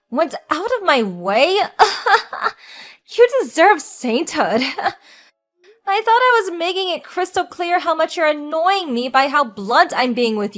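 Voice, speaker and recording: In an audio drama, a woman voices a divorced wife speaking to her ex in a cutting, sarcastic way, sounding mocking and unimpressed. Her voice is fairly high, a bit bright and exaggerated, with faint music playing behind her.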